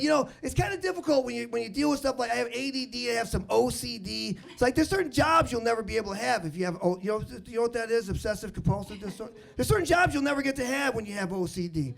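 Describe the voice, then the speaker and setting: A man's voice: very high-pitched, sing-song, fast, gravelly. A man hosting a stand-up comedy show on stage, introducing comics and telling rambling self-deprecating jokes. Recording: live room with crowd laughter. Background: audience laughter.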